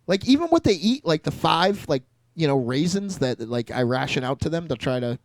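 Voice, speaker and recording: A man co-hosting a podcast in casual chat. His voice is gravelly and moves around a lot in pitch, slightly higher than most, and the sound is close and dry. He rambles with fillers and restarts. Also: big pitch swings, moderate pace, dry recording. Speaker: podcast co-host.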